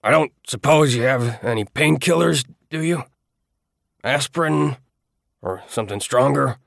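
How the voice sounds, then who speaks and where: A man voicing a curt, irritable old man who is hurt and in pain, speaking in a gruff, terse way. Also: mid-range voice, a little slow, fairly bright tone, no echo, clean studio sound, voice pushed up. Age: older.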